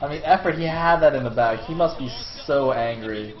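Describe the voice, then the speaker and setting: A man casting a video game match live, excitable and swearing freely, breaking into laughing shouts. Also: medium pitch, a little fast, soft background music. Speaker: esports caster. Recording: echoey room, dull lo-fi sound.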